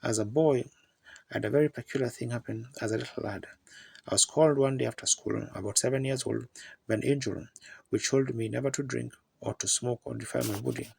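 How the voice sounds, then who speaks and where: Gravelly old-timey preacher guy, super raspy, folksy stories, dry no-room sound. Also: medium pitch, fairly even intonation, fairly quick, a little mellow, no room sound. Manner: folksy storytelling with plain rural grammar. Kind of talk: sermon.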